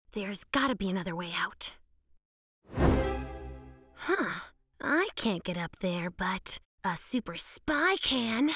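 A woman voicing an eager young cartoon pet who makes movies, talking in an animated way with sighs and gasps. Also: medium pitch, slow, pauses often, exaggerated voice. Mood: determined. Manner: animated, sighing and gasping. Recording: music playing underneath.

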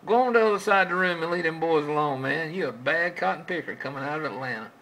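Bright-voiced man chatting on CB radio. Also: on the high side, a little hiss or hum, low-quality recording. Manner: folksy, repeats stock phrases, drawn-out calls. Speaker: CB radio operator.

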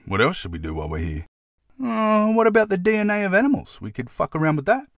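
A man's voice: high-pitched, wildly swooping pitch, fast, vocal fry, no room sound, clean studio sound, full character voice. A man voicing figures in a cartoon who casually plot to tamper with animal DNA, in an offhand, conspiratorial way. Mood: scheming. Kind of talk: cartoon voice acting.

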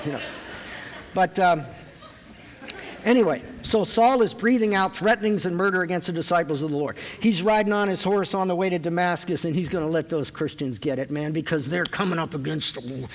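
A man preaching a sermon to a live audience, conversational and joking as he retells a Bible story. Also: high-pitched. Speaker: pastor. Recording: long hall reverb.

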